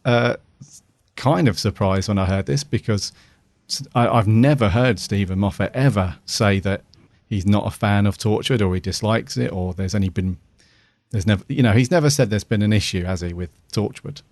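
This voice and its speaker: A man's voice: fairly low pitch, normal speed, darkish tone, dry recording. A man hosting a podcast, talking casually with lots of hesitation and restarts. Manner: hesitant, many ums and restarts. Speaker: podcast host.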